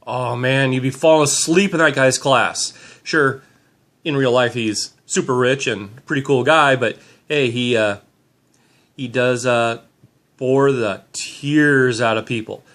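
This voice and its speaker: A man's voice: medium pitch, unhurried, fairly bright tone. A middle-aged man filming himself on a handheld camera, giving an upbeat, rambling motivational talk with many fillers. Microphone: handheld camera mic.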